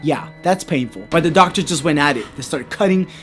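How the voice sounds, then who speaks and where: A man's voice: on the high side, animated, fairly quick, fairly bright tone, faint music behind. A man in his thirties casually retelling a creepypasta in a rambling, conversational way, full of asides. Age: 30s. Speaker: horror story YouTuber.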